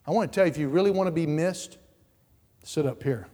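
A male pastor preaching a sermon in a church, repeating words and swinging from quiet asides to loud outbursts. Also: a little high, fairly quick. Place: church sanctuary. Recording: reverberant church hall.

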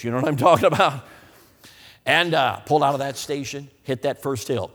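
A man with a mid-range voice preaches at a normal speed in a church hall, the recording echoing around the room. His sermon is folksy and funny, full of animated stories and repeated questions to the audience about whether they know what he means.

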